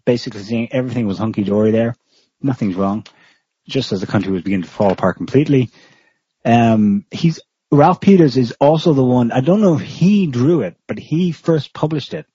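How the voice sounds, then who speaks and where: A man with a breathy, husky voice talks through political commentary in a loose, explanatory ramble, often doubling back mid-sentence. His voice sits at an ordinary pitch. The recording is dry and dull, with a lo-fi sound. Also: lively intonation, a little fast, mellow, no room sound. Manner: rambling, explanatory, with frequent restarts.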